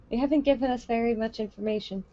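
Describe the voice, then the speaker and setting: A woman's voice: fairly high pitch, dark tone, highs cut off. A woman playing a tabletop game who makes wry, matter-of-fact remarks. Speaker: player. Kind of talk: casual tabletop game chat.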